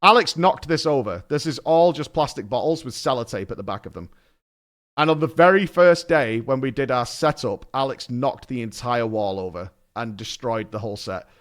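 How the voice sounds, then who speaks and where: A man streaming, telling stories in a casual, animated way, swearing and laughing often. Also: mid-range voice, moderate pace. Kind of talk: casual chat.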